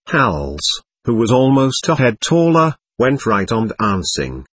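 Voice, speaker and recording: A man's voice: medium pitch, big pitch swings, measured pace, a bit bright, slightly rough, no room sound. A man narrating an audiobook in the first person, reading with expression.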